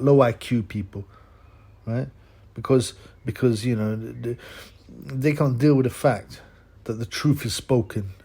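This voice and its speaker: In a mellow, mid-range voice, a man running his own channel delivers a crude ranting monologue full of scorn. He keeps tagging his sentences with "man" and "yeah?".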